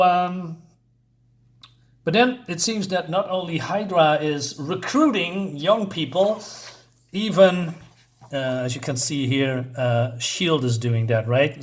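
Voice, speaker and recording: A man giving a casual comic book review, summarizing the story in rambling talk full of fillers. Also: fairly high pitch.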